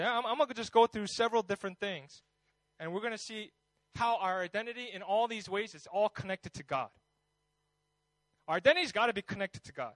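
A male pastor preaching in a relaxed, conversational way, with a high-pitched voice. He tells stories with animated energy. The sound is dry and close, with no room around it. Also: no echo, rough recording. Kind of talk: sermon.

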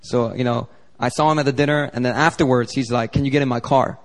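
A pastor preaching a sermon, telling a story animatedly and acting out the dialogue. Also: male voice, medium pitch, fairly even intonation, fast talker. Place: church sanctuary. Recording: long church hall reverb.

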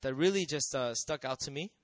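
A man's voice: mid-range voice, brisk, no room sound. A man preaching a sermon in a conversational way, often asking the audience questions and acting out quotes.

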